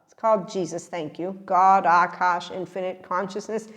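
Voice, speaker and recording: Woman hosting a podcast, just chatting away, lots of laughing, lively. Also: fairly low pitch, moderate pace. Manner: animated, laughs often, talks to listeners. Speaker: podcast host. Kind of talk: casual monologue.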